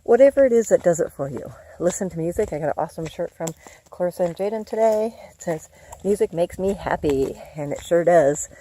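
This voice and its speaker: A woman's voice: lowish voice, lively intonation, fairly quick, mellow, a little hiss or hum. A middle-aged woman vlogging in a chatty, encouraging way, laughing often as she talks. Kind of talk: casual motivational vlog.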